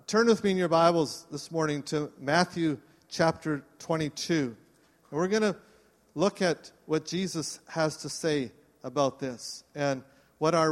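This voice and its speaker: A man preaching a sermon to his congregation, earnest and inviting them to respond. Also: on the high side. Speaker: pastor. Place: church service. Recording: long reverb of a church hall.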